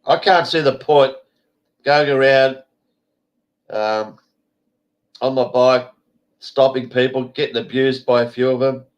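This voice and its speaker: A man's voice: mid-range voice, steady tone, slow, pauses often. An Australian man hosting an online show, congested and stuffy, rambling in a blunt, foul-mouthed, casual way. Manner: swears freely, blunt and rambling. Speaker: show host. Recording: dull lo-fi stream audio.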